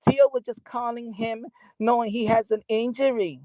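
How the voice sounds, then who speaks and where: Heated high-voiced host. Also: male voice, steady tone, normal speed, mellow, no room sound, muffled recording. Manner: heated, mocking, switching between English and Spanish. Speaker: boxing channel host. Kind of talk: livestream commentary answering chat.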